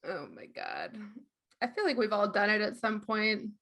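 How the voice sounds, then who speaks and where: A woman's voice: medium pitch, huge pitch swings, moderate pace, vocal fry, a bit bright. A woman co-hosting a podcast in casual chat, laughing often and teasing her co-host. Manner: laughs often, reads aloud, light teasing.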